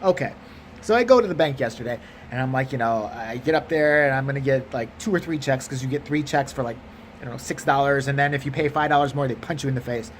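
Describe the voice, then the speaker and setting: A man's voice: medium pitch, quick pace, slight background noise. A tired man with a Chicago accent telling a comic, profane story about a bank mix-up. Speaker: vlogger. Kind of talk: casual storytelling rant.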